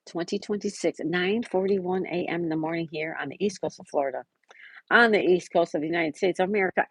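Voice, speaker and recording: A woman with a slightly low voice hosts a relaxed live stream, reading viewer messages and answering each person by name. Her delivery is chatty and easygoing, and at times she drops to a near-whisper. The sound is dry, with no room echo. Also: slightly rough. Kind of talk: casual live-stream chat.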